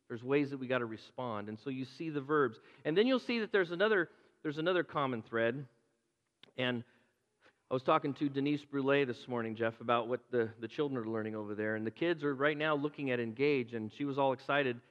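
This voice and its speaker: A man's voice: fairly high pitch, fairly bright tone, highs cut off. Playful conversational preacher man, echoey hall. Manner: conversational, playful asides, repeats words. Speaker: pastor. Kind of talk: sermon.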